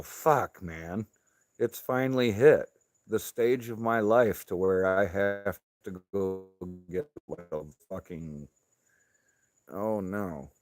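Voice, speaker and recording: Deep, slow-talking man chatting casually. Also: vocal fry. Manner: laid-back, swears constantly, laughs often. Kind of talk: casual profane chat.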